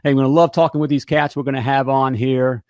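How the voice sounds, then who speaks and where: A man's voice: mid-range voice, steady tone, quick pace, darkish tone, dry recording. An American man hosting a live talk show from a home studio, talking in an upbeat, rambling way with lots of fillers and repeats. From United States. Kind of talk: casual live show chat.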